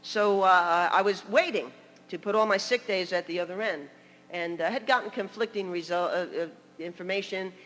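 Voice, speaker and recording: A woman's voice: medium pitch, normal speed, fairly bright tone, long reverb tail, a little hiss or hum. An older woman from New York preaching a sermon as a story, chatty, with laughing asides and many "you know"s.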